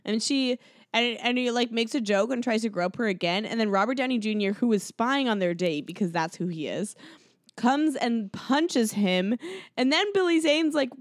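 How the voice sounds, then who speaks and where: A woman, co-host of a podcast, recapping a movie in casual chat, telling it with lively storytelling and many "like"s. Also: fairly high pitch, normal speed, no room sound, clean studio sound. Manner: animated storyteller, heavy use of "like".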